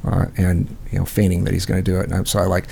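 A man's voice: low-pitched, monotone, racing, vocal fry, dark tone, slight background noise. A man hosting a call-in show, telling a rambling, profane story full of fillers. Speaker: host. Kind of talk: casual storytelling.

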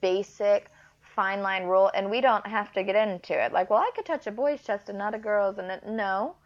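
A woman with a drawl talks frankly in a casual interview, her stories lively and warm-hearted. Her voice sits in a middle pitch, and the recording comes through a little dull and muffled. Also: moderate pace. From Texas, US. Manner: frank, animated storytelling with laughs. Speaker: guest, adoptive mother.

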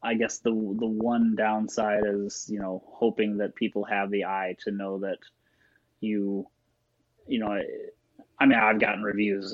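A man's voice: fairly low pitch, flat delivery, measured pace, dry recording, rough recording. A man talking as a guest in a casual interview, rambling and laughing often. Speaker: guest, shop owner.

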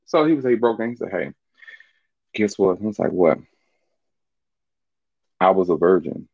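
Animated, profane man telling a story. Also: deep voice, moderate pace, pauses often, slightly rough, no room sound. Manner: animated, profane, laughs often. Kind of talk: casual storytelling monologue. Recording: dull, muffled dry recording.

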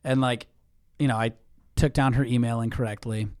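A man hosting a podcast in casual chat, telling stories with lively mimicked voices. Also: medium pitch, moderate pace, clean tone, no echo, studio quality. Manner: animated storyteller, mimics voices in quotes. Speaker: podcast host.

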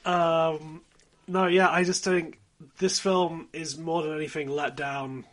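A man's voice: fairly high pitch, little pitch movement, takes it slowly. Dry-witted man reviewing films. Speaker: podcast co-host. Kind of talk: casual film review chat.

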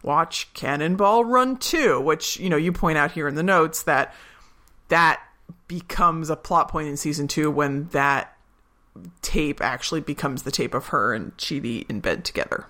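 Recapping a TV episode, this podcast co-host chats loosely and casually, laughing often and acting out snippets of dialogue. The voice sits at a middling pitch, sounding bright and forward, with a moderate pace.

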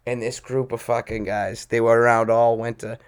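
A man's voice: medium pitch, flat delivery, normal speed, clean tone. Profane, laughing storyteller man. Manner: profane, laughing, acts out voices in his stories; petty and confrontational. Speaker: podcast co-host. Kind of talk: casual storytelling chat.

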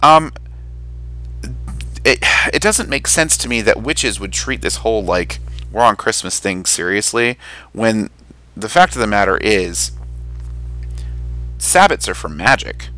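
A man co-hosting a casual podcast, rambling and animated, often jumping up into a high excited voice and swearing casually. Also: measured pace, long pauses. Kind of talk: casual chat.

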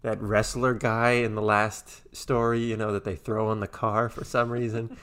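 A man's voice: fairly low pitch, level tone, moderate pace. Enthusiastic man rambling about movies. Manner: enthusiastic, rambling, trails off softly. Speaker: podcast co-host. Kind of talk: casual film discussion.

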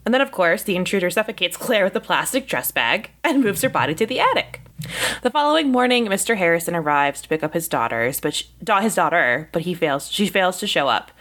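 A female podcast co-host chats excitably and laughs easily, then reads a plot summary aloud. Her voice sits on the low side for a woman but swoops up and down with lots of animation. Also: fairly quick. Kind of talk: casual chat and reading a synopsis aloud.

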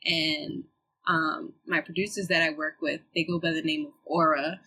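A woman's voice: sits low, level tone, normal speed, sharp tone, breathy edge, rough recording. A young woman guest, a musician, chatting in a laid-back, slangy way and laughing often. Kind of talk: casual chat.

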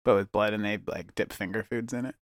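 A man co-hosting a comedy podcast, rambling through improvised bits and letting his words trail off into low murmurs. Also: fairly even intonation, quick pace, no room sound, clean studio sound.

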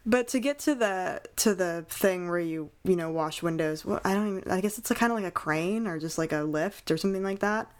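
Young female podcast co-host, lowish voice, animated and incredulous, casual chat. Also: brisk, few pauses. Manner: animated, incredulous, many fillers. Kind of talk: casual chat reviewing a movie.

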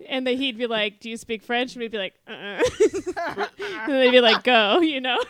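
A young adult woman in casual chat, telling an animated story full of quoted voices and frequent laughter. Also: high-pitched, normal speed, smooth, no echo. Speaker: guest telling a travel story.

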